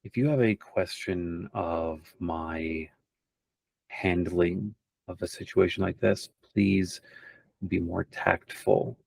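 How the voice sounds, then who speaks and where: A composed, smug captain speaks in a whispered role-play, as a man puts him on. His voice sits low and his delivery is slow and measured. The sound is close and dry. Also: little pitch movement, creaky, no echo, full character voice. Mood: cool warning. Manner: quiet, measured, pointed.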